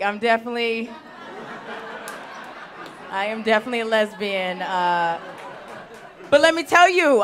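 On a theater stage before a live audience, a young woman performs stand-up comedy in a slightly high voice. Her loudness swings in a lively, animated way.

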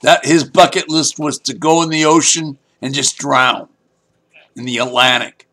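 A man's voice: medium pitch, fairly even intonation, unhurried, bright, forceful tone. A man hosting a prank phone call, pushy and teasing, who keeps talking over the other caller. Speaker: prank-call show host.

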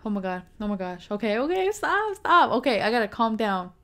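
A young woman hosting a reaction video, talking in an excitable, emotional, slangy way. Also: mid-range voice, quick pace. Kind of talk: casual reaction commentary.

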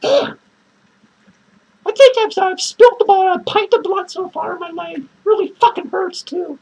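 A man doing a shrill, foul-mouthed lonely clown lady. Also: unhurried, gravelly, a little mellow, heavily acted, poor audio. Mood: self-pitying. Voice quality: shrill falsetto. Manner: rambling, swearing, cackling between lines. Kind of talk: comedic horror-movie review skit.

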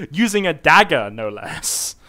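A man's voice: sits high, big pitch swings, slow, bright, forceful tone. A man streaming a computer role-playing game, giving rambling, self-mocking casual commentary full of fillers.

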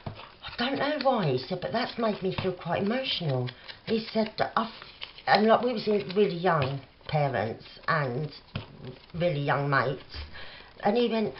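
Low, slow Cockney woman crafting at home. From England. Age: middle-aged. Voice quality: soft, rambling with many fillers. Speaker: craft vlogger. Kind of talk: casual chatty crafting commentary. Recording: dull lo-fi home recording with noise.

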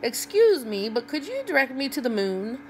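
A woman's voice: sits high, very animated, normal speed, a little hiss or hum, pitched above the performer's own voice. A woman reading a storybook voices a stubborn female dairy cow who wails and insists on getting to the moon. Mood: eager. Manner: insistent, wailing demands.

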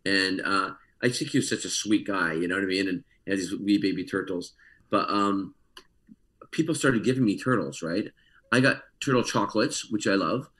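A man, an actor guest telling an animated story with frequent laughs over a video call. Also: low-pitched, moderate pace, poor audio. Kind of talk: casual storytelling interview.

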